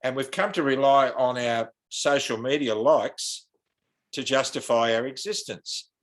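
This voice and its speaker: Australian man, earnest, impassioned, preacherly, mid-pitched voice. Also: unhurried, fairly bright tone. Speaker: guest. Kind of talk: earnest podcast interview.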